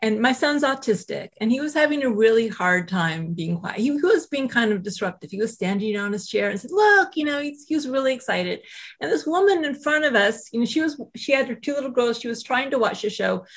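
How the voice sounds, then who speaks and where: Husky, higher-pitched woman telling stories. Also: a little fast. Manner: animated, acts out quoted voices, frequent "you know" asides. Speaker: author and self-compassion teacher, interview guest. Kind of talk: storytelling in a conversational interview.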